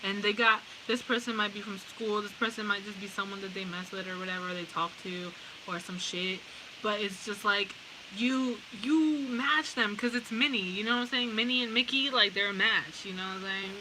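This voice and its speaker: A woman's voice: medium pitch, moderate pace. A woman giving a casual pick-a-card tarot reading. She talks bluntly, swears freely and often breaks into laughter. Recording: steady background hiss.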